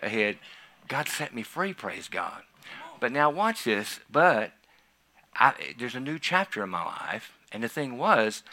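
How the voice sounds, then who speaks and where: Bright, animated male preacher. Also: medium pitch. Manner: animated storytelling, swings from quiet to loud. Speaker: pastor. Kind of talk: sermon testimony.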